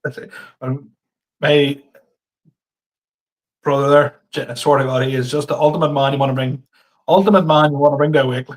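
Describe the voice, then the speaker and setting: A man's voice: mid-range voice, steady tone, brisk, pauses often. A man, co-hosting a podcast in an easygoing, agreeable chat and laughing readily. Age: 30s. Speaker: podcast co-host and stand-up comedian. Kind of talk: casual chat.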